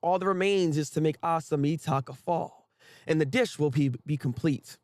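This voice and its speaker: A man reading the lines of a calm, polite woman devil in a mild, low voice, close to his own. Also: moderate pace, dry recording, lightly acted.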